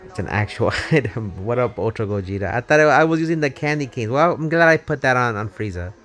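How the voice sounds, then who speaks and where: A man streaming a mobile game live, talking casually and excitably, swearing and rambling as he plays, over faint game music. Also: mid-range voice, fast. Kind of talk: casual live gameplay commentary.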